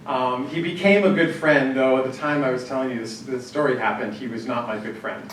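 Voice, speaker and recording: A man's voice: mid-range voice, fairly quick, slight background noise. A man giving a conversational talk to a live group, telling anecdotes and leading an exercise, with frequent fillers and restarts. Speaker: workshop speaker on church planning. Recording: echoey hall, distant mic, faint ambience.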